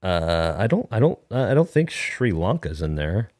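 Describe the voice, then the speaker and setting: A man with a low, deep voice tells a long, wandering comic story as a caller. He drifts from point to point in a folksy way and uses rural grammar. The sound is close and dry. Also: very animated, unhurried, darkish tone, no echo. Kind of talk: rambling comic monologue.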